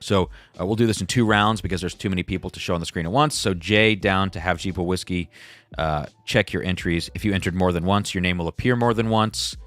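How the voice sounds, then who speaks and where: Deep-voiced man chatting on a livestream. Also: brisk, fairly bright tone, no echo. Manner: rambling, self-deprecating, reads viewer chats aloud. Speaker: livestream host. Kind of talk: casual livestream chat.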